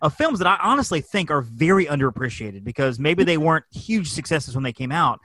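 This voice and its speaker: Fast-talking, bright male podcast host. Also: on the high side, very animated. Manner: enthusiastic, chatty. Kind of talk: casual interview chat.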